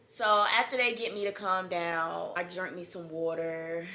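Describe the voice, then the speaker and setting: A young woman, dramatically telling the story of her birth in a casual storytime vlog, with laughter and sudden loud outbursts. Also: medium pitch, a little slow, hardly any pauses, slight background noise. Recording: echoey room.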